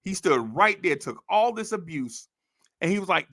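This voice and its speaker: A man with a bright, high voice and a gravelly rasp tells a comic story about his own life. He talks casually and with energy, laughing often and calling the listener bro. The recording is dry and close. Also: expressive, normal speed, no room sound. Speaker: storyteller host.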